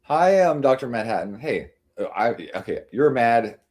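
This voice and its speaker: A man's voice: mid-range voice, very animated, moderate pace, a little mellow. A man hosting a livestream, chatting casually and rambling with many fillers and restarts. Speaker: livestream host. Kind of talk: casual chat to a live audience.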